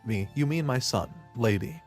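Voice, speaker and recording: A man narrating a first-person story in a plain, steady way. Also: mid-range voice, moderate pace, soft background music.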